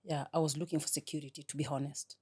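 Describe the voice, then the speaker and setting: Middle-aged woman, interview guest, heartfelt and soft-spoken, lowish pitch. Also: little pitch movement, fast, breathy edge. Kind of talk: emotional interview talk.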